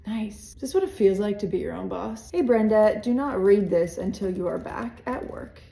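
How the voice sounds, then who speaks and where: A woman delivering dry, deadpan lines in a comedic office sketch. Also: medium pitch, moderate pace, vocal fry, echoey room.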